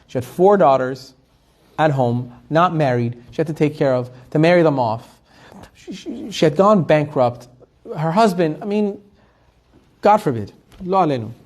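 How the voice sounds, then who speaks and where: A man's voice: fairly high pitch, normal speed. A man, a rabbi, telling a story in a sermon and acting out each character's lines. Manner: animated storyteller who acts out the characters' quoted lines.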